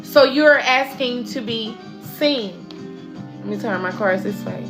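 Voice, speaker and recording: With a slightly high voice and no rush, a spiritual reader lays out an oracle card reading for her listeners. Music plays in the background as she preaches emphatically in casual slang.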